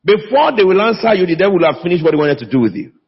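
A man's voice: high-pitched, big pitch swings, very fast, slightly rough. A man preaching a sermon in a church, calling out to the congregation and drawing replies from them. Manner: emphatic, call-and-response with the congregation. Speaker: pastor. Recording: echoey church hall, dull lo-fi sound.

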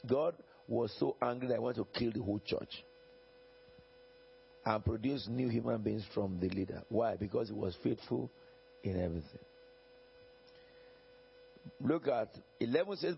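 A man's voice: mid-range voice, normal speed, vocal fry, long pauses, slight background noise. A man preaching a sermon as pastor, emphatic and repetitive, often chuckling and checking in with the congregation. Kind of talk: sermon with Bible reading. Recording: dull lo-fi recording.

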